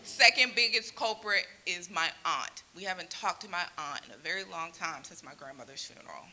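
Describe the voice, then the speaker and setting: A woman's voice: fairly low pitch, fairly quick, slight background noise, poor audio. A woman doing a brassy, punchy stand-up set on a theater stage. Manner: brassy, punchy, building to loud rants. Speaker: stand-up comic.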